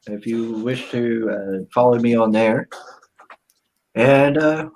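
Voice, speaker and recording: A man's voice: medium pitch, slow pace, a little mellow, poor audio. Easygoing male stream host. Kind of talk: casual livestream chat.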